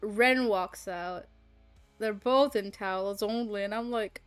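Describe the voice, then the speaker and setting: A woman's voice: mid-range voice, slow, clean tone, dry recording, faint music behind. A young woman streamer chatting casually and telling a story with lots of laughter and some swearing. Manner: animated, laughing often, swearing freely. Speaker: streamer and voice actor. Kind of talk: casual chat recounting a story.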